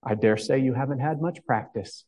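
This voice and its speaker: Guy doing a snooty old queen, pitying, voice pushed up a bit higher. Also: moderate pace, darkish tone, close to an everyday voice. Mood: pitying, lofty. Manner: lofty, pitying. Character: very old imperious woman queen, pitying and playful.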